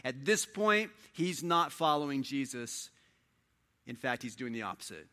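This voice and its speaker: A male pastor giving a sermon, reading scripture aloud and retelling it in a conversational, animated storytelling manner. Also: mid-range voice, unhurried.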